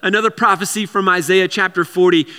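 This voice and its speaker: A man's voice: high-pitched, steady tone, quick pace, sharp tone, in a large hall. A man preaching a sermon in a conversational way, with repeated words and casual asides. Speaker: pastor.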